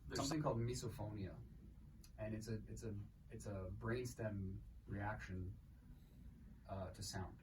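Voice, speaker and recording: A man's voice: fairly low pitch, fairly even intonation, normal speed, pauses often. A young man co-hosting a podcast in casual chat, rambling and profane with frequent laughs. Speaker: podcast co-host. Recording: distant mic with background noise.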